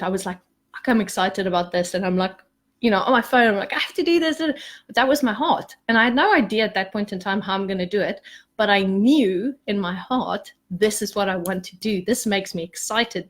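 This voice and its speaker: Woman, spiritual coach, casual group talk, animated, frequent "okay?" checks, mid pitch. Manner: chatty and animated, often adds "okay?"; soft and hushed as she leads a meditation.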